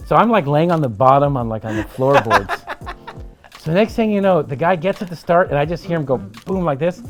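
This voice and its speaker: A man's voice: medium pitch, normal speed, soft background music. A man guesting on a podcast, telling a wild travel story over drinks with lots of swearing. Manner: animated, profane anecdote-telling. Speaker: podcast guest, trial lawyer.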